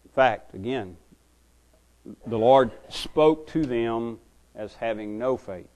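Pastor, male, earnest sermon delivery, mid-pitched, repeats himself as he builds. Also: slow pace, a little mellow. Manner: earnest, repeats words while building points.

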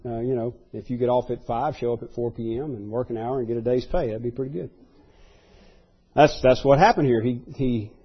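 A man preaching a sermon verse by verse in a conversational way, often repeating words and pausing with fillers. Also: mid-range voice, slightly rough, highs cut off.

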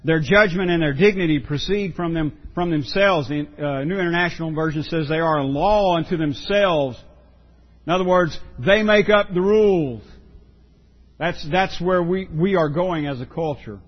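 A man's voice: a little high, moderate pace. Earnest preacher man, muffled recording. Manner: earnest, emphatic, repeats words while preaching. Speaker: pastor. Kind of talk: sermon.

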